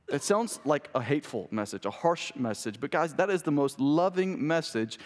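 A male pastor preaching a sermon in a conversational way that climbs to emphatic, high-pitched peaks. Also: sing-song, normal speed, hardly any pauses. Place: church sanctuary. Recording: long church reverb.

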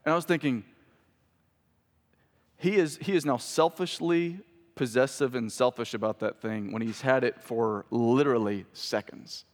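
Pastor preaching in a reverberant hall. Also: male voice, mid-range voice, moderate pace. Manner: conversational preaching, rising for emphasis. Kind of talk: sermon.

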